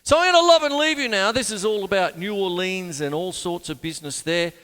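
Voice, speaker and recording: A man's voice: high voice, brisk, fairly bright tone, clear, resonant tone. A man with an Australian accent hosting a drum show, rambling and self-mocking, full of fillers and restarts. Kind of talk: casual talk about drumming. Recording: long reverb over drum music.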